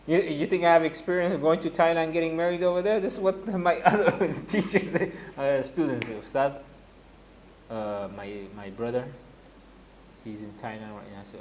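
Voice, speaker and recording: Man, religious teacher, storytelling lecture, slightly high voice, faint classroom hum. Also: normal speed. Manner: anecdotal, animated, laughing asides.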